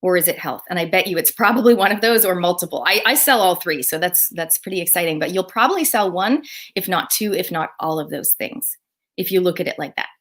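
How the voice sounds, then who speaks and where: An enthusiastic woman business coach speaks live to her online audience. Her delivery is upbeat, with lively rises and dips as she addresses viewers directly. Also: fairly low pitch, a little fast. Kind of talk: Facebook live coaching talk.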